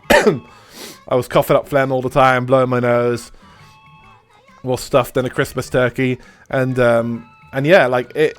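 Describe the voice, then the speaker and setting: Hoarse, stuffy man chatting on stream. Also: medium pitch. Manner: rambling, with restarts, swearing and laughs. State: stuffy nose after a cold. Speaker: live streamer hosting a retro game stream. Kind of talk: casual live-stream chat.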